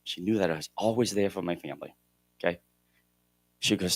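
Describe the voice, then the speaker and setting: A middle-aged man giving a motivational keynote at a conference, shifting between loud emphasis and hushed moments. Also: low voice, fairly quick, pauses often, no room sound. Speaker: keynote speaker at a real estate conference. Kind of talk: motivational storytelling speech. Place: conference hall stage.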